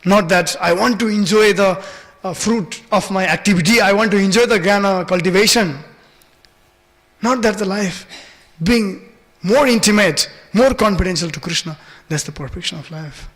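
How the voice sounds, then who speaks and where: A man's voice: sits high, moderate pace, a bit bright. A man giving a devotional scripture class in a temple hall, telling stories with many fillers and acting out the voices.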